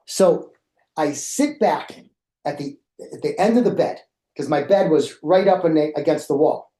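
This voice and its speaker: A middle-aged man presenting to educators and telling a personal story in an animated way that acts out his own reactions. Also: on the high side, moderate pace, roomy sound.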